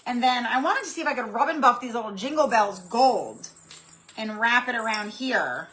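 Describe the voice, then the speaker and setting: A woman's voice: on the high side, animated, moderate pace, a bit bright. A woman hosting a live-stream craft tutorial, chatty and rambling as she greets viewers by name. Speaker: craft channel host.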